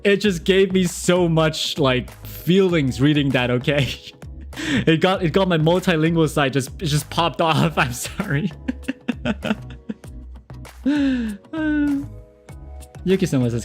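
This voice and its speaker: A man's voice: on the high side, takes it slowly, long pauses, faint music behind. A man streaming live, casually reading viewer messages and giving relationship advice with lots of laughing asides. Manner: animated, laughing, chatty asides.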